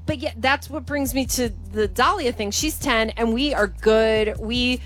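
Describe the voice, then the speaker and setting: A woman's voice: fairly high pitch, unhurried, fairly bright tone, faint music behind. A woman in her thirties co-hosting a casual chat show, retelling stories and quoting people as she goes. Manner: chatty, retells stories with quoted voices. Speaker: podcast co-host.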